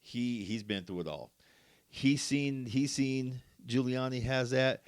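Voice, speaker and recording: A man co-hosting a casual podcast, telling profane stories and bursting into loud, yelling impressions. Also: medium pitch, slow, clean tone. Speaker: podcast co-host. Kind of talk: casual storytelling chat.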